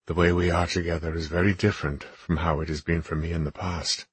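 A man doing a hushed, deep French lover. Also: level tone, brisk, breathy edge, no room sound. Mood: tender.

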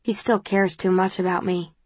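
Low-voiced woman narrating a novel. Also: flat delivery, normal speed, darkish tone, slightly rough, no room sound. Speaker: audiobook narrator. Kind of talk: first-person novel narration.

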